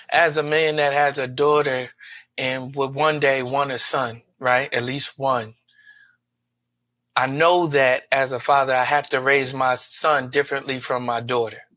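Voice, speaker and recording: A man's voice: mid-range voice, bright, forceful tone, no room sound. A man who is a father, co-hosting a podcast in casual group chat, talking emphatically and repeating words for stress. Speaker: podcast co-host.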